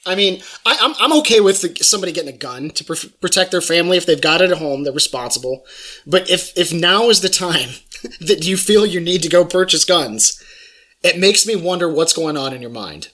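A man co-hosting a casual chat, chuckling often and hedging with fillers. His voice is bright and slightly high. He talks in a loose, hesitant way. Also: lively intonation, fairly quick.

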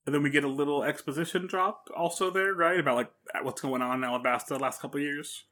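A man co-hosting a casual anime discussion podcast in a relaxed, easygoing way, laughing often. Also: on the high side, quick pace. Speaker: podcast co-host.

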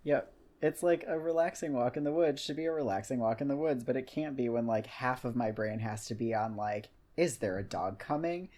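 Brief: woman podcast host, very deep voice, swears freely, animated rants. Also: fairly quick. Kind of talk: casual podcast chat.

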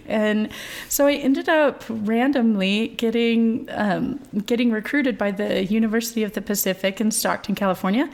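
A woman in her thirties, a voice professor being interviewed, talking chattily with many fillers and easy laughter. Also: fairly high pitch. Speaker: voice professor, guest. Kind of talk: conversational interview.

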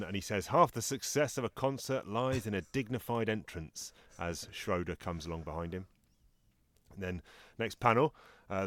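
A man's voice: low voice, no room sound. A man co-hosting a casual podcast, describing comic strips and acting out the characters' lines with animation. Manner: animated, acts out comic dialogue. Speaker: podcast co-host. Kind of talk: casual chat, reading comic strips aloud.

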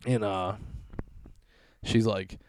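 A man in his thirties talks through a solo podcast episode from his basement, swearing freely and mocking himself as he rambles. His voice sits on the low side, and the close mic sounds dry with hardly any room sound. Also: steady tone, extremely slow, darkish tone, clear, resonant tone, no room sound. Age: 30s. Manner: profane, self-mocking rambling storytelling. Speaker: podcast host. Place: basement at home.

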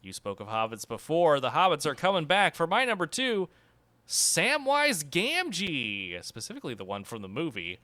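A man's voice: on the high side, big pitch swings, fast, few pauses, a bit bright, no room sound. A man co-hosting a casual podcast chat, playful with theatrical flourishes.

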